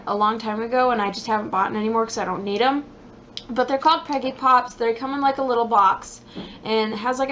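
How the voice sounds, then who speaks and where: Woman, rambling casual vlog, somewhat high voice, lots of fillers, at home. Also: a bit bright, a little hiss or hum. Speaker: pregnancy vlogger. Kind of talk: casual chat to camera.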